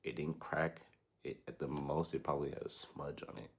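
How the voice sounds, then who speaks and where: A young man hosting a podcast, telling a story casually in slangy, animated talk and imitating the people he quotes. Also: extremely low pitch, normal speed. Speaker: podcast host.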